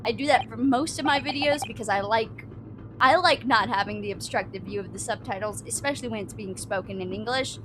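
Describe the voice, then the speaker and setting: A woman's voice: fairly high pitch, a little fast, noisy background. A woman streamer giving casual gameplay commentary, enthusiastic and chatty, stumbling over her words. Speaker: video game streamer. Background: game music.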